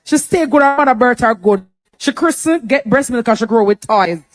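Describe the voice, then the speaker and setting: A woman with a Jamaican accent hosting a live telethon, bantering in lively patois-laced talk. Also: fairly high pitch, moderate pace. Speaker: telethon host.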